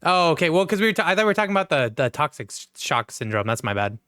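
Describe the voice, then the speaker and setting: A man's voice: on the high side, big pitch swings, racing, a bit bright, smooth, dry recording, clean studio sound. A man co-hosting a podcast, chatting casually and ranting heatedly with lots of swearing. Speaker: podcast co-host. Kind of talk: casual chat.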